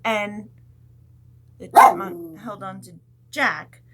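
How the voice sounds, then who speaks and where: A woman teacher telling a story to young children in a gentle, animated way, adding sound effects as she goes. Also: mid-range voice, takes it slowly, creaky, heavy background noise.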